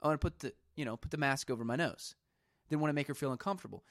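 A man's voice: a little high, very fast, a bit bright, dry recording. Ranting solo podcast man, dry close mic. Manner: ranting, retells arguments with quoted back-and-forth. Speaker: podcast host. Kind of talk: solo venting podcast monologue.

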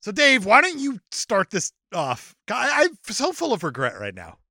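A man's voice: high-pitched, moderate pace, dry recording, studio quality. A man hosting a podcast, chatting casually and joking crudely. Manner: joking, profane, lively. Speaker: podcast host. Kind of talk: casual chat.

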